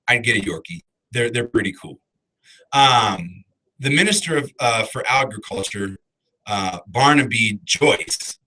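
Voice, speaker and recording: A man hosting a casual morning show, talking in a relaxed, rambling way with lots of ums and uhs. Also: lowish voice, rough recording. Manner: laid-back, rambling, many fillers. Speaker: radio show host.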